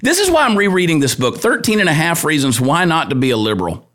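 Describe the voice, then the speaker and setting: Male comic-host, worked up and crude, very animated pitch. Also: quick pace, hardly any pauses. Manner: riled-up, crude, joking rant. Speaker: podcast host and comedian. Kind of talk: casual opinion talk show.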